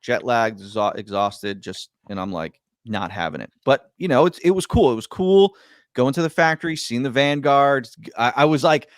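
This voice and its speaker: A man casually telling a long story on a podcast, rambling and stumbling over his words, his voice swinging between loud bursts and quiet mutters. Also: medium pitch, animated, moderate pace, no room sound, studio quality. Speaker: podcast guest.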